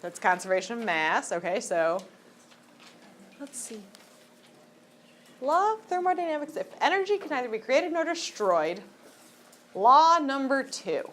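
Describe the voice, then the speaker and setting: A woman lectures her high school class in a classroom, with a fairly high voice that swoops up and down. She teases the students and keeps asking them questions. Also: very animated, a little slow, pauses often, fairly bright tone, a little hiss or hum. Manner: joking, teasing, asks the class questions. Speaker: high school biology teacher.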